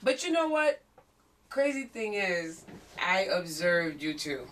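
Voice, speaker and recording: A woman interviewing a guest, playful and teasing, warmly encouraging him. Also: fairly low pitch, sing-song, slow pace, far from the mic, a little hiss or hum. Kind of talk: casual interview chat.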